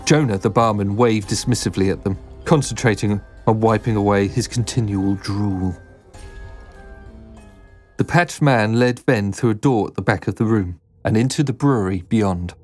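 Low-voiced man narrating a story. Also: normal speed, faint music behind. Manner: steady, descriptive reading.

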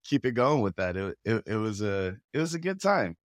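A man from the Pacific Northwest, a guest telling stories in a relaxed, casual way, often chuckling. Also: lowish voice, moderate pace, dry recording, studio quality. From Pacific Northwest, USA. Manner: relaxed, chuckles often, acts out quoted voices. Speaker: guest, rapper and actor. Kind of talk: casual conversational storytelling.

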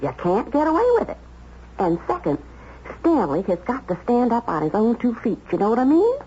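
Streetwise older maid, brassy, slangy, lively swooping pitch, muffled old radio sound. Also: female voice, a little fast. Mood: advising. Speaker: radio drama actress. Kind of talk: 1970s radio drama acting. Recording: dull old radio broadcast with faint hiss.

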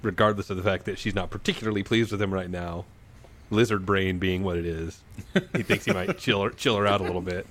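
This is a deep-voiced man playing a tabletop game with friends. He is wordy and dry, and his voice sits very low. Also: brisk, a bit bright. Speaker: player. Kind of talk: casual tabletop play.

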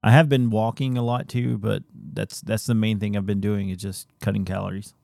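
A man co-hosting a podcast in casual chat, relaxed and joking, a father of two. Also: fairly low pitch, a little fast, creaky, no room sound, studio quality. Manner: relaxed, joking, laughs easily.

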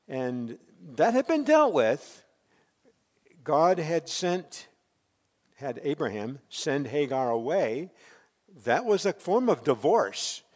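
A man preaching a sermon as pastor, swelling loud and dropping soft as he tells a Bible story. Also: on the high side, in a large hall.

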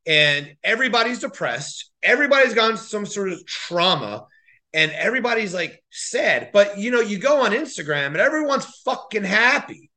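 A man's voice: high-pitched, sing-song, moderate pace, bright, forceful tone. A man in his thirties hosting a podcast, talking in a blunt, opinionated way with frequent swearing. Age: 30s. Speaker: podcast host. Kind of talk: casual podcast conversation.

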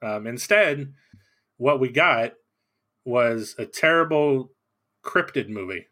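Bright-voiced male podcast co-host. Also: medium pitch, slow. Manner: relaxed, hesitant, filler-heavy. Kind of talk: casual podcast chat.

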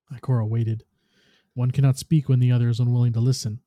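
A man, a podcast host, reading a story aloud in a steady, even narration. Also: medium pitch, quick pace, dry recording, clean studio sound.

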